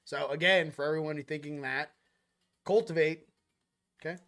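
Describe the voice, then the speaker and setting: A man's voice: a little high, fairly even intonation, moderate pace, fairly bright tone. Slangy, rambling young man. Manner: loose, slangy, rambling with quoted asides. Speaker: spiritual channel host. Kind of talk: casual livestream monologue.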